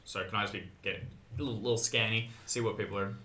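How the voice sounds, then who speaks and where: A man's voice: fairly low pitch, fairly even intonation, fast, pushed and bright, slight background noise. A man playing a tabletop game, casual with dry joking asides. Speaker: player. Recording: roomy echo.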